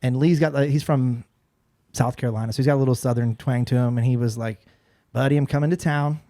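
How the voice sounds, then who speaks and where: A man in his forties, a podcast guest and former radio personality, telling a story in a casual, animated way with frequent restarts. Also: medium pitch, fast talker.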